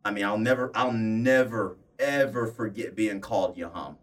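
A young man in casual conversation, telling animated, rambling stories with many restarts and fillers. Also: on the low side, moderate pace, recorded from a distance. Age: young adult. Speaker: interviewee. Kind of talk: casual storytelling chat.

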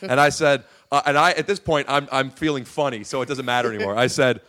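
A man guesting on a podcast tells rambling, profane stories packed with fillers, casual storytelling style. His mid-range voice moves fast and has a fairly bright tone.

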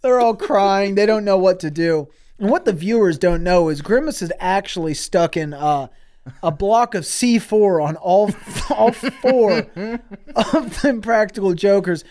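A man's voice: sits high, lively intonation, a little slow, a little mellow. A man co-hosting a comedy podcast, telling an absurd crude story while laughing through it. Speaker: podcast co-host. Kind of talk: improvised comic storytelling.

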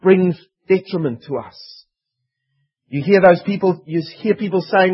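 Earnest guy preaching a sermon, high husky voice. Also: unhurried, highs cut off. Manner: earnest, emphatic, voicing pleading demons.

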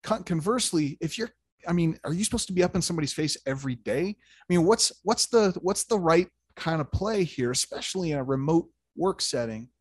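A man hosting an interview, telling an animated story with stammers and restarts. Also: a little high, fairly quick, husky, dry recording, studio quality. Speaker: podcast host. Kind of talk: casual interview chat.

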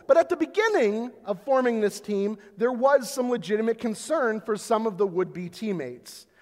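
A man delivers a sermon in a loose, conversational way, spinning everyday sports analogies into his preaching. His voice sits high for a man. The sound carries a long reverb tail, as in a church hall. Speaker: pastor.

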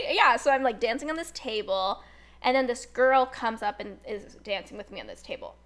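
A woman's voice: a little high, moderate pace. A woman in her twenties telling a personal story in casual chat, full of "like" fillers, acting out the voices of people she quotes. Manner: chatty, fillers like "like", animated retelling with quoted voices.

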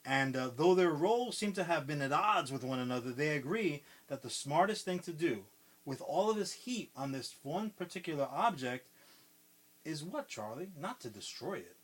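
A man's voice: fairly high pitch, moderate pace, husky. A man co-hosting a podcast, telling a film plot in casual chat and swearing often. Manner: animated, swears often, retells plots. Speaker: podcast co-host.

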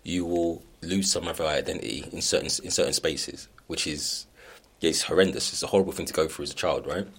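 Very deep, husky-voiced male host. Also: brisk, fairly bright tone. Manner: chatty, frequent affirming murmurs. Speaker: podcast host. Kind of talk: conversational interview.

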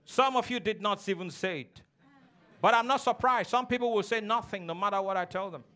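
A man's voice: sits high, a little fast, pushed and bright. A male pastor preaching a sermon to a congregation, calling for responses and acting out childish quarrels. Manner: preaching with call-and-response, mimicking childish voices. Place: church.

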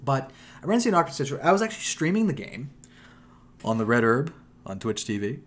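A man hosting a gaming podcast, telling a story in an animated, profane way. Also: mid-range voice, fast. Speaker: podcast host. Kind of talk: casual chat.

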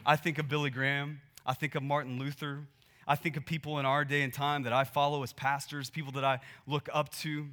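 Bright-voiced man preaching a lively sermon. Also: fairly high pitch, a little fast. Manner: conversational, swings from quiet earnest to loud animated. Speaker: pastor.

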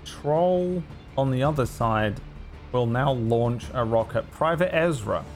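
A man's voice: medium pitch, animated, slow, faint music behind. A man narrating as game master, vivid and dryly teasing toward the players.

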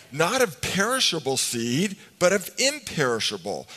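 A middle-aged male pastor delivers a sermon in a church sanctuary, his voice trailing into a long hall reverb. He preaches like a chatty storyteller, mixing in humor and questions for the congregation. His voice sits at an ordinary male pitch. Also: animated, normal speed, a bit bright.

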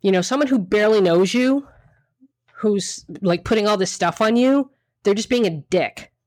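A woman's voice: medium pitch, moderate pace, darkish tone, dry recording. Woman on a podcast, blunt and a bit sweary, circles back and restarts a lot, very dry sound. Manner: emphatic, frank, mildly profane, rambling with restarts. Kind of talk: casual chat.

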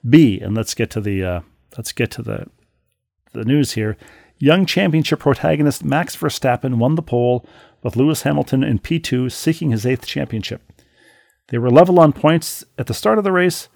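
A man co-hosting a podcast, reading listener mail aloud and then telling a story in a wry, animated way, with frequent restarts, on a close studio mic. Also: medium pitch, moderate pace, creaky, no echo. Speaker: podcast co-host.

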